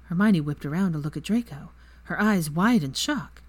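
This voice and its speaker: A woman reading fan fiction aloud as narrator in a steady, even manner. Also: lowish voice, normal speed, dry recording. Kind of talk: story narration.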